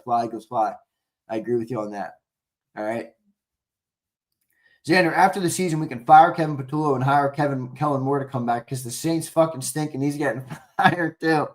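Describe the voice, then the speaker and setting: A young man with a Philadelphia accent co-hosting a live sports show, talking excitably and swearing freely while reading viewer comments. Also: mid-range voice. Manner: excitable, profane, rambling, reads chat comments aloud. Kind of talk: casual live-stream sign-off chat.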